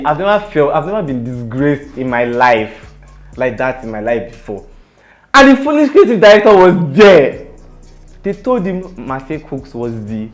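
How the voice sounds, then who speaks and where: A young Nigerian-accented man recounts a personal story in a lively, dramatic vlog style, dropping in pidgin phrases. His voice sits at an ordinary middle pitch. Soft music plays faintly beneath him. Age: young adult. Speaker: vlogger.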